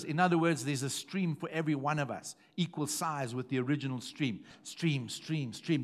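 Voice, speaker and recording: Pastor, middle-aged man, slightly high voice, preaching with repetition and sudden bursts of volume. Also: moderate pace, hardly any pauses. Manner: emphatic, repeating phrases, swings from hushed to loud. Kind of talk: sermon.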